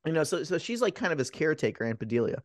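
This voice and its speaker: A man of middle pitch talking loosely about a movie he likes, cursing freely as he retells scenes. His voice is dry and close, with almost no room sound around it. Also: very animated, very fast, no room sound. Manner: swears often, retells scenes with put-on voices. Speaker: podcast co-host. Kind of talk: casual movie chat.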